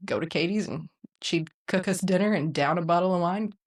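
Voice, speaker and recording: A young woman co-hosting a casual podcast, a mother of two small children, who chats warmly, laughs often and voices quotes in a bright tone. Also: on the low side, a little fast, dry recording, studio quality. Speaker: podcast co-host. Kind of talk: casual chat.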